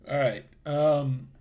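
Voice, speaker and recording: A man's voice: a little high, a little mellow. A man streaming live, ranting at his chat in a brash, mocking way, swearing and laughing at his own jokes. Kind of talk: livestream rant.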